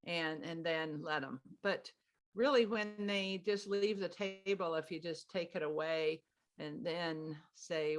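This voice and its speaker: A middle-aged woman giving parenting advice in casual conversation, animated and acting out what parents and kids say. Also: lowish voice, takes it slowly. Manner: animated, acts out parent and child lines in a sing-song voice. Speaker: parenting expert guest.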